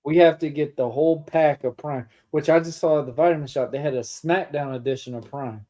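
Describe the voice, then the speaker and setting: A man's voice: on the high side, a little fast, mellow. A man co-hosting a podcast in casual chat, chiming in with short, laid-back reactions. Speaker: podcast co-host.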